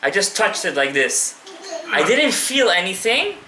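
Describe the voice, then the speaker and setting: A man's voice: high voice, sing-song, a little slow, bright, forceful tone, reverberant, a little hiss or hum, poor audio. A male rabbi giving a live Torah class, passionately addressing his listeners directly and mixing in Hebrew terms.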